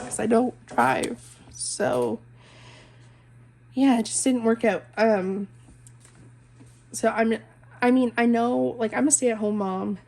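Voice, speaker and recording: A woman's voice: mid-range voice, gravelly, darkish tone. A woman in her twenties, a stay-at-home mom, chatting casually and rambling while she colors, full of "like" and "um". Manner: rambling, heavy use of "like" and "um", self-interrupting.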